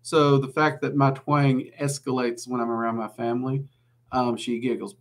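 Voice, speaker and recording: A man with a Southern twang hosts a casual livestream Q&A, answering viewer questions in a chatty, rambling way with many "um"s. His medium-pitched voice moves little in pitch and keeps a moderate pace.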